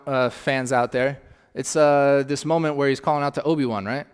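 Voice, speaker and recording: A man's voice: on the high side, lively intonation, brisk, clear, resonant tone, long reverb tail. A male pastor preaching in a conversational way, often checking in with his congregation. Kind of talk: sermon.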